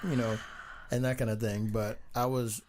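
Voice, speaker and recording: A man's voice: medium pitch, flat delivery, moderate pace. Easygoing man chatting over hiss. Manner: easygoing, rambling with fillers. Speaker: podcast co-host. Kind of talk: casual chat.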